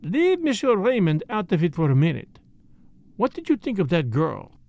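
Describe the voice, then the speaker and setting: A man voicing a fussy, excitable older male detective who speaks precisely and emphatically, at times muttering to himself. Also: high-pitched, moderate pace, gravelly, heavily acted. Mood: probing. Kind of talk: audiobook character voice.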